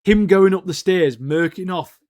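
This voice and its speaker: A young man co-hosting a podcast, talking in excitable, slangy casual chat and saying "mate" a lot. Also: high-pitched, normal speed, no echo, clean studio sound. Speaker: podcast co-host.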